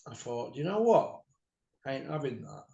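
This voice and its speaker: A middle-aged man telling a rowdy story in casual chat, mouthy and quick to laugh. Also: medium pitch, very animated, creaky, warm tone, muffled recording. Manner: mouthy, laughs a lot, slips into quoted voices. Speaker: podcast host. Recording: echoey room.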